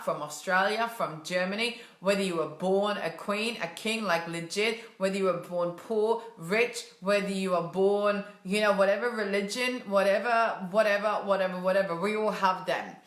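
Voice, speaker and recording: A woman's voice: medium pitch, normal speed, few pauses, reverberant. A woman mindset coach giving a casual, emphatic motivational talk and acting out complaining voices. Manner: casual, emphatic, acts out whiny quotes.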